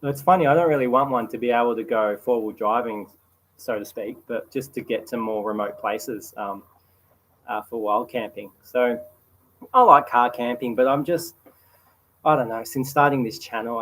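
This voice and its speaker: An Australian man in his thirties hosting a relaxed livestream Q&A, chatting casually and reading out viewer comments. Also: mid-range voice, a little hiss or hum, low-quality recording. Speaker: host answering viewer questions. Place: outdoors by a campfire at night.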